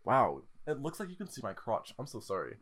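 A man's voice: medium pitch, huge pitch swings, fairly quick, fairly bright tone, slightly rough, no room sound, studio quality. A seventeen-year-old boy hosting a podcast on his own, chatting in a rambling, jokey, self-mocking way into a microphone. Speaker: podcast host. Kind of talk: casual solo podcast chat. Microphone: desk microphone.

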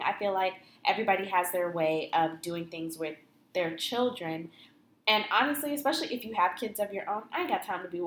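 A woman's voice: on the low side, slight background noise. A woman and mother in casual chat, talking loosely with lots of filler words. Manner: chatty, many "like" fillers. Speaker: podcast co-host, mother.

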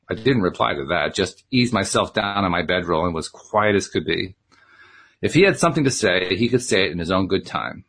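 A man's voice: low-pitched, expressive, a little fast, fairly bright tone, slightly rough. A man casually reading a novel aloud, breaking in with chatty, joking asides. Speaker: audiobook reader.

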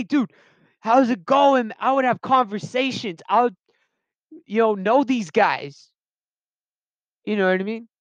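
A young man talks in a high, smooth voice, rambling through his own stories and often breaking off mid-thought. The sound is dry and a little dull, like a cheap recording. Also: fairly bright tone, dry recording. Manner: rambling, self-interrupting, slangy. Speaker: vlogger telling personal stories. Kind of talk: rambling casual monologue.

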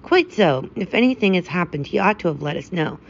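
A woman voicing a pompous, blustering old male general who speaks gruffly and imperiously, in a storybook reading. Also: lowish voice, lively intonation, brisk, lo-fi sound, a little hiss or hum.

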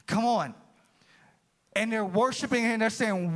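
A man preaching a sermon as pastor, animated and talking straight to the congregation, now and then breaking into shouted bursts. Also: sits high, a little slow, long pauses.

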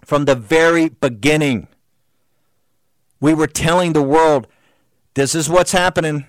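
A man's voice: on the high side, clear, resonant tone, dry recording, studio quality. Combative male talk-show host, heated and emphatic. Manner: rapid-fire rhetorical questions. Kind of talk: political talk show monologue.

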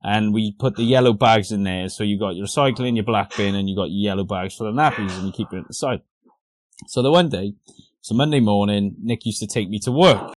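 A man's voice: on the low side, a little fast, no echo. A man, co-hosting a podcast and telling a story in casual chat, swearing and laughing as he goes. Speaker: podcast co-host.

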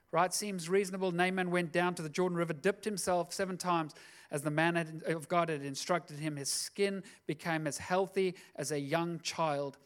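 Brief: male pastor, high pitched, casual sermon with playful asides. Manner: chatty, jokey asides.

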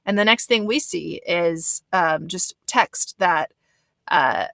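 A woman's voice: fairly low pitch, takes it slowly, gravelly, fairly bright tone, dry recording. A woman giving a casual recap commentary of a reality show, blunt and swearing, with lots of fillers. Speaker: reaction commentator.

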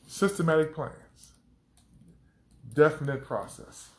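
A man's voice: a little high, expressive, slow, a little mellow, a little hiss or hum. A man teaching scripture on a podcast, enthusiastic, stretching out key words for emphasis. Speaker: preacher.

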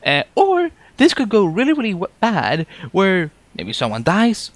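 On a podcast, a male co-host rambles and jokes through a casual fan review of a TV episode, often trailing off with "I'm just saying." He has a high voice with wildly swooping pitch and speaks a little slowly, in a dry recording.

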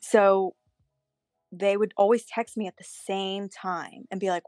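A woman's voice: medium pitch, moderate pace, dry recording, studio quality. A young woman in casual chat with friends, telling stories and acting out the quoted lines. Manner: animated storytelling, acts out quoted lines.

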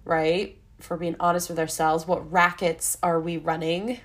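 A woman's voice: on the low side, flat delivery, unhurried, a bit bright. A young adult woman hosting a solo podcast, talking candidly in a rambling, self-interrupting way. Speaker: podcast host. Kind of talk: casual solo podcast monologue.

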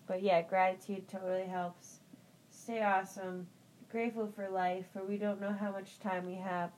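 A woman's voice: mid-range voice, steady tone, normal speed, a little mellow, a little hiss or hum, low-quality recording. A woman hosting a motivational morning podcast, rambling and upbeat, with lots of "like" and "you know" and encouraging pep talk. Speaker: podcast host.

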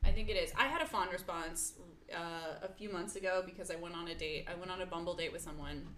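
Podcast co-host, woman, casual storyteller with a ready laugh; quiet amateur recording in a roomy space. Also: lowish voice, fast talker. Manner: laughs often, storytelling with impressions. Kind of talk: casual chat.

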